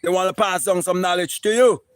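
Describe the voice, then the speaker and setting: A man's voice: high voice, steady tone, a little fast, clean tone, dry recording. A man, streaming a live spiritual talk in an emphatic, preachy and profane way, often repeating words. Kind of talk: impassioned live-stream monologue.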